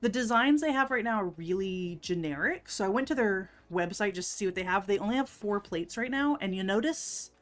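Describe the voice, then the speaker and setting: A woman's voice: mid-range voice, animated, fairly quick, hardly any pauses. A woman hosting a casual livestream, chatty and giggly, greeting her chat by name. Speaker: livestream host. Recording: faint music underneath.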